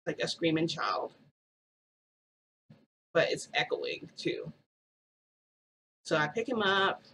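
A woman's voice: fairly low pitch, slow, bright, forceful tone, slight background noise, rough recording. A woman vlogger telling a story in a rambling, casual way, full of "like" and restarts.

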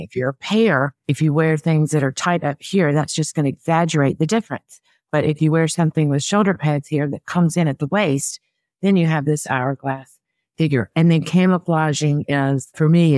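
A woman's voice: sits low, darkish tone, dry recording, clean studio sound. A woman who works as a personal stylist, giving practical style advice in a conversational interview. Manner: practical, explanatory, chatty.

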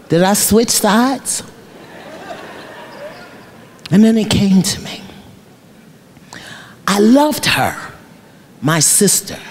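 A woman's voice: sits low, darkish tone, husky. A middle-aged woman, a life coach, giving a storytelling motivational speech in a preacherly way, repeating phrases for emphasis and laughing often. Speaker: keynote speaker, life coach. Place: large luncheon hall.

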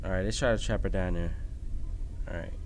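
A man hosting a gaming channel, giving casual, slangy commentary on a mobile horror game, swinging from low mumbling to sudden shouts. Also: fairly even intonation, fairly quick. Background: background game music.

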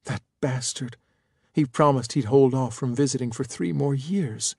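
A soft-spoken, innocent-seeming woman ruler from another world, earnest and a little naive, as a male narrator puts her on. Dry, close audiobook sound. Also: medium pitch, a little slow, gravelly, breathy edge, no room sound. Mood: alarmed. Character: alien female ruler, gentle, innocent-seeming, thirties.

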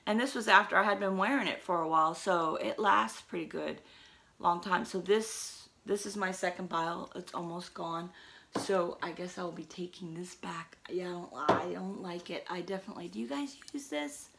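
A middle-aged woman chatting casually through a shopping haul, a little hoarse and rambling with fillers. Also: on the low side, moderate pace, noisy background. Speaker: vlogger.

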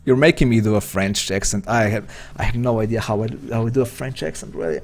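A man's voice: on the low side, fast talker, soft background music. A man from Slovenia with a Slovenian accent, chatting hesitantly and rambling as he commentates his own poker stream. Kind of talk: live-stream commentary while playing.

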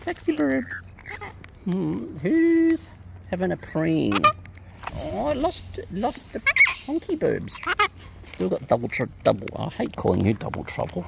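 A woman's voice: fairly low pitch, big pitch swings, moderate pace, vocal fry. Sing-song woman cooing at her birds. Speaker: bird keeper filming her pets. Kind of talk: casual talk to pet birds. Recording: loud background noise with bird calls. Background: birds squawking and honking.

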